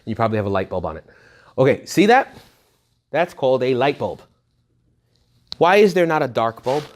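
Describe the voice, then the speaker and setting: A priest gives a retreat talk in a lively, conversational way, peppering the listeners with questions. He breaks into jokes and quick asides before circling back to his point. His voice sits at an ordinary middle pitch for a man. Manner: rhetorical questions directed at the audience. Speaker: Catholic priest leading a retreat. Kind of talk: informal retreat talk to young adults.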